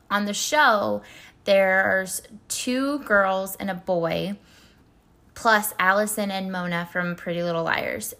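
A woman's voice: on the low side, pushed and bright. A woman chatting casually in a book review vlog, rambling with lots of "like" and "um" fillers. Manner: chatty and candid, light laughs. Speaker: book vlogger.

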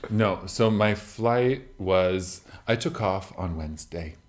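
A man's voice: low-pitched, slow. A man co-hosting a podcast in casual chat, with campy, teasing banter and drawled asides. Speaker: podcast co-host.

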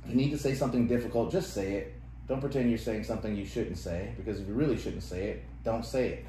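A man co-hosting a casual podcast at an ordinary pitch. He laughs often and turns animated when he reads phrases aloud. The room echoes, with a faint hiss behind him. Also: fast talker. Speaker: podcast co-host. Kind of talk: casual chat.

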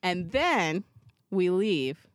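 Mom on a podcast, lively and bouncy, laughing and cursing, dead dry close sound. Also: female voice, fairly low pitch, extremely slow, dry recording. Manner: animated, swears, laughs often, acts out her toddler. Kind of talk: casual chat, storytelling.

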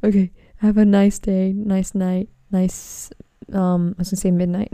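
A woman's voice: mid-range voice, little pitch movement, unhurried, dark tone, no echo, clean studio sound. A young woman hosting a casual solo podcast from home, rambling, swearing a lot and sometimes dropping into a whisper. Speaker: podcast host.

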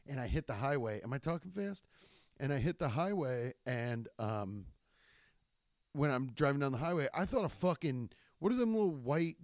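A young man hosting his own podcast, telling rambling, profane stories with jumpy, animated energy. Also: medium pitch, no room sound, studio quality. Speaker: podcast host. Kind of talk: casual solo podcast monologue.

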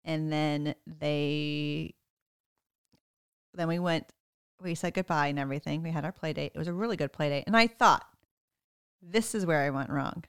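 Woman w a lowish smooth voice telling a funny parenting story, lively and chatty, dry close sound. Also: moderate pace, long pauses, dry recording. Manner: animated storytelling, quoting her kids, laughing often. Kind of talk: casual chat.

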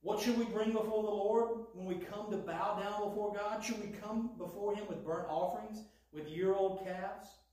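A man preaching a sermon in an animated way, taking on a sarcastic edge when he voices God's lines. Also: sits high, normal speed, hardly any pauses. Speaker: pastor. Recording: echoey hall, voice from far off.

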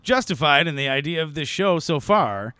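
A man co-hosting a casual sports podcast, mostly wry and deadpan with sudden profane outbursts. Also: fairly high pitch, normal speed, clear, resonant tone, no echo, studio quality. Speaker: podcast co-host.

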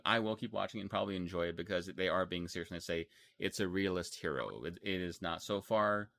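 A young man from Texas, speaking with a Texan accent, hosts a casual podcast chat about anime. His voice sits low with vocal fry and a fairly bright tone, and he rambles through restarts and fillers.

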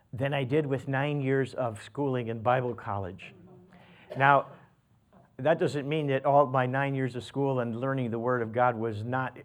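An older man preaches, easing into a homey personal story. He rambles with plenty of restarts and fillers. He lifts his voice to act out what others said. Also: mid-range voice. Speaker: pastor.

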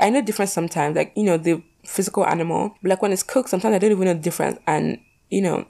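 A woman's voice: fairly low pitch, gravelly, warm tone. A young woman vlogger chatting casually through poll questions, rambling with lots of fillers and casual swearing.

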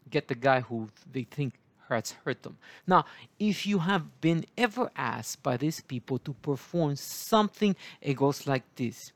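A man, preaching in a rambling, halting way full of fillers and asides. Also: medium pitch, no echo. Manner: digressive, halting, many fillers. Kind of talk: rambling Bible teaching.

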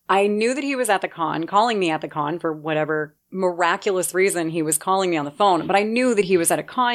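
Excitable woman telling a personal story. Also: fairly low pitch. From Nebraska, USA. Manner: excitable, swears freely, laughs through her story.

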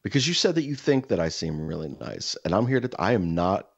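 A young adult man co-hosting a podcast, telling a profane, animated story with mimicked voices in casual chat. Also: low voice, fairly quick, gravelly, breathy edge, no room sound, highs cut off. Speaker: podcast co-host.

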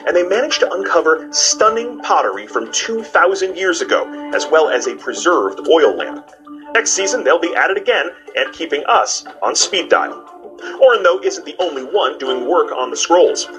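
A man in his forties with a higher, very animated voice, hosting with playful jokes and quick banter. Music plays clearly underneath. He switches easily between chat and narration. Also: rough recording. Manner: playful, joking, lively delivery. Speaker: host. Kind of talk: energetic TV host chat and narration.

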